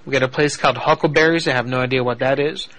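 A man's voice: mid-range voice, steady tone, fast, fairly bright tone, no room sound. A male radio host chatting casually, laughing and swearing between calls. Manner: laughing, loose and profane.

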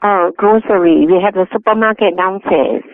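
A polite, patient man answers the phone at a shop and offers to help. His voice is high and comes through a tinny phone line with a dry sound. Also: normal speed, dry recording. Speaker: shop receptionist. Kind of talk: phone call.

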